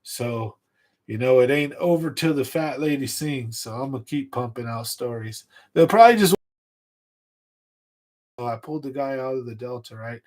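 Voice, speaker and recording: A man hosts a casual livestream from a home setup and tells a long, rambling story from his younger days. He gets animated, speeds up, and laughs at his own tale. His voice sits in a middle range. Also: mid-range voice, normal speed. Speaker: fishing channel livestream host.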